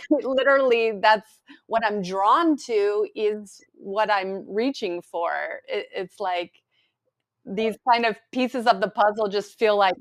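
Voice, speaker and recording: A woman's voice: mid-range voice, a little slow. A woman from California, a guest in a casual spiritual conversation, speaking reflectively and searching for words. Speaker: guest sharing her spiritual journey.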